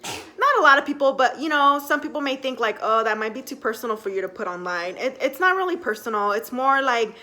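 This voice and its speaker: Chatty young woman vlogger, higher voice. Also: brisk, a little hiss or hum. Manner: chatty, animated, full of fillers. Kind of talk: casual storytelling to camera.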